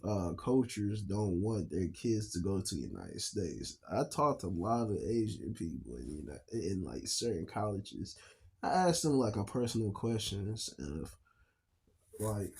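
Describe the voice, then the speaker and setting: A man's voice: on the low side, a little mellow, breathy edge. A man co-hosting a reaction video, talking bluntly and profanely in a rambling, casual way with many restarts.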